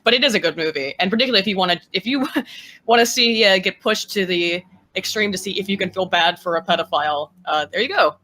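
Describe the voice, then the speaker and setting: Male co-host, high and bright-toned; chatty, laughing, rambling. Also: fast talker. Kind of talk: casual livestream chat.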